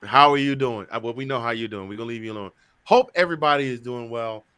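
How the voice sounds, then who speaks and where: A chatty man hosting a sports talk stream, joking around and repeating himself as he talks. His voice is bright and forward, and the sound is dry and close to the mic. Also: medium pitch, fast talker, clean tone, no echo. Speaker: show host. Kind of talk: casual sports talk show.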